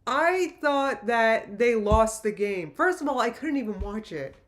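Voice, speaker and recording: Woman, streamer chat. Slightly high voice, rambling and excitable, prone to loud outbursts. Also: measured pace. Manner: excitable, rambling, laughs often, rising to shouted outbursts. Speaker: streamer chatting with her chat. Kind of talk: casual chat.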